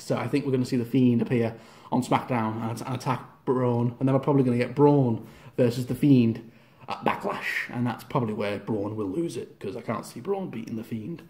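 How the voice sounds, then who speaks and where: A man's voice: medium pitch, a little fast, a little mellow. A man giving a casual, rambling wrestling review, often acting out the wrestlers' lines.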